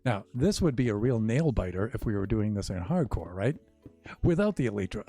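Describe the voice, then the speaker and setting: Older man, low voice, rambling wry game-stream chatter, faint music behind. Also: very animated, a little fast, warm tone. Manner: rambling, wry, self-mocking asides. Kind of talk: casual gameplay chat.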